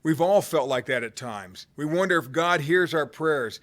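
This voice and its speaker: A man preaching a sermon in a conversational way, swinging from loud cries to hushed low tones. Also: expressive, normal speed. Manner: conversational, with fillers and restarts.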